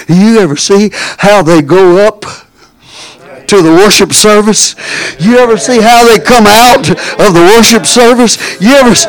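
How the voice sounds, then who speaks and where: A man preaching a fervent sermon as pastor, folksy and drawling, building up to shouts. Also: high-pitched, measured pace, low-quality recording.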